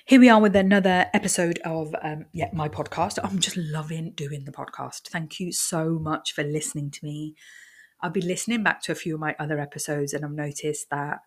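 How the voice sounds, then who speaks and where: Chatty low-voiced woman podcast host. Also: steady tone. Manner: fast, chatty and rambling, with many fillers and restarts. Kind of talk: casual solo podcast talk.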